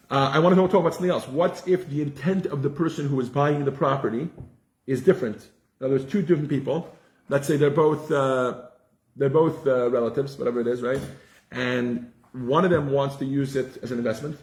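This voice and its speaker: A man giving a casual religious class, telling stories with lots of restarts. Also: medium pitch. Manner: animated storyteller, frequent restarts. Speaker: teacher. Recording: roomy echo.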